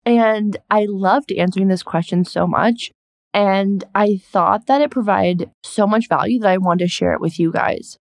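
A woman's voice: medium pitch, a little slow, gravelly. A young woman hosting her own podcast, talking in a bubbly, effusive, casual way with lots of "like" as a business coach.

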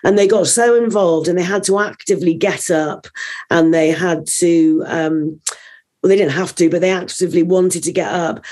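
Animated woman telling a story. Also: fairly low pitch, moderate pace. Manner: animated, rambling, with many fillers. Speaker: guest, trainer. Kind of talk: podcast interview storytelling.

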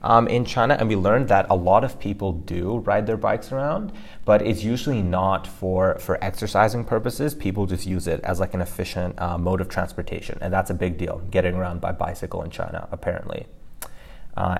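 Deep-voiced man explaining pronunciation casually. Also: fairly quick, creaky. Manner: chatty, loose with fillers like "like" and "you know". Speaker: language podcast co-host.

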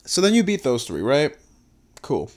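A man giving a casual, profane recap, blunt and exasperated, swinging between low muttering and loud outbursts. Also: wildly swooping pitch, moderate pace. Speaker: video creator reviewing a game.

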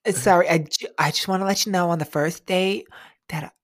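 A man's voice: sits high, steady tone, brisk, a bit bright, no echo, studio quality. A man reacting and joking in casual banter as co-host.

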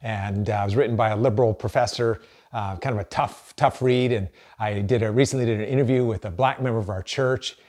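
A man's voice: on the low side, a little fast, a little mellow. An earnest middle-aged man preaching to his church. He talks in a conversational way and often restarts his sentences. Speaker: pastor. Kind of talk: sermon.

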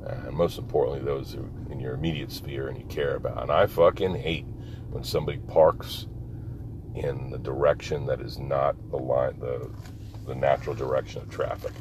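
A man with an extremely deep voice talks loosely to his viewers from a parked car. He rambles, swears freely and laughs often. Car and street noise is clearly audible behind him. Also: flat delivery, normal speed. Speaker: vlogger. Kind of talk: casual monologue.

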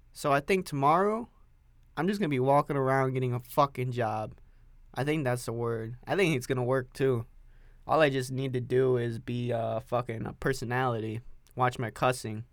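Coffee in hand and on his feet, a young podcast host rambles alone, cursing and going over the same points again. He has a mid-range voice, recorded with no room sound.

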